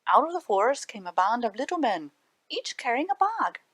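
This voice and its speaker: Animated woman reading a storybook aloud. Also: fairly high pitch, normal speed, husky, dry recording. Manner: animated, with hushed asides to children. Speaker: children's librarian. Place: library.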